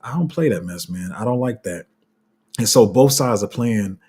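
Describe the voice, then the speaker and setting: Husky-voiced man ranting on a livestream. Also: fairly low pitch, lively intonation, moderate pace, a little mellow. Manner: passionate, heated ranting with many restarts. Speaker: crypto channel host. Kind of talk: casual livestream commentary.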